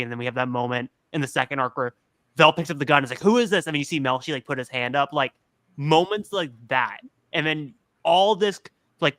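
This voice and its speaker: Bright-voiced rambling podcast guy. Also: mid-range voice, no room sound. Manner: rambling, heavy use of "like" fillers. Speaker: podcast co-host. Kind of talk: casual fan podcast chat.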